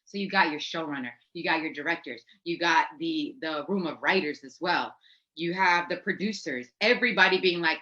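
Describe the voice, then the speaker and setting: A woman's voice: lowish voice, brisk, bright, forceful tone, highs cut off. A woman, an actress and musician, chatting casually as an interview guest, acting out quotes and laughing often.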